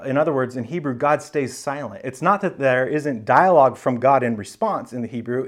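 A male pastor teaches a sermon in a relaxed, conversational way, slipping in slang and asides. His voice sits at an ordinary middle pitch.

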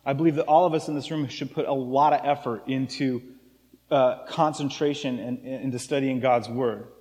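A man's voice: mid-range voice, fairly even intonation, moderate pace, darkish tone, in a large hall. A man preaching a casual, joking sermon as pastor of a church. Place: church sanctuary.

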